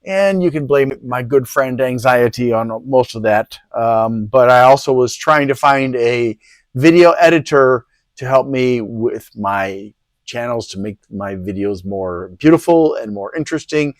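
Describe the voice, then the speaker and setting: This man speaks at a medium pitch and a measured pace, with no echo on the recording. As host of a PC hardware review channel, he chats loosely through a product review, wandering off into sarcastic side comments.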